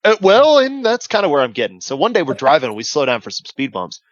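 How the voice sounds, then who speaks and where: A man's voice: on the high side, huge pitch swings, quick pace, no room sound, muffled recording. A man casually telling profane war stories on a podcast, acting out radio calls. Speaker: veteran guest telling stories.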